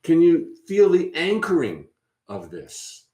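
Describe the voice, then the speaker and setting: Gentle man leading a workshop, roomy echo. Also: fairly high pitch, huge pitch swings, takes it slowly. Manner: gentle, encouraging, with many fillers and restarts. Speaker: workshop host. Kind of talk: guided spiritual workshop talk.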